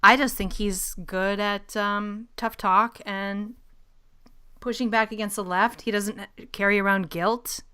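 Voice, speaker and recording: Bright, blunt woman hosting a podcast. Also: mid-range voice, fairly even intonation, unhurried, clear, resonant tone. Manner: opinionated, blunt, laughs often. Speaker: podcast host. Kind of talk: casual news chat.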